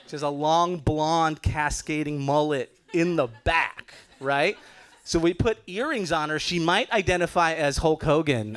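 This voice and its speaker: A middle-aged man from Los Angeles doing a lively stand-up comedy set at a benefit show. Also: on the high side. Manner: animated, loud comic impressions of relatives.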